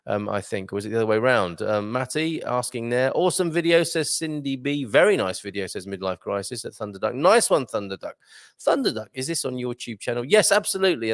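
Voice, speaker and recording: Guy hosting a live morning show, gravelly fry, dry close sound, lots of ums, jokey and chatty. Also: medium pitch, no echo. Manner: chatty and jokey, upbeat bursts, many ums and uhs. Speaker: host of a live online breakfast show. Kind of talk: casual live-stream chat reading viewer comments. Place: live broadcast from a resort venue.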